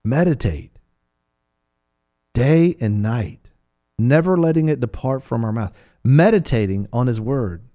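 A man teaching from the Bible in a preaching talk, animated and playful, acting out voices of biblical figures. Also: medium pitch, unhurried, long pauses.

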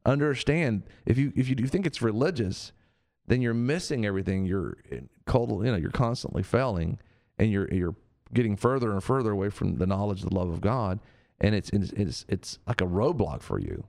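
Earnest and conversational, this radio-show preacher speaks at a moderate pace with a slightly low voice and some vocal fry. He keeps returning to his points and now and then imitates the people he's quoting.

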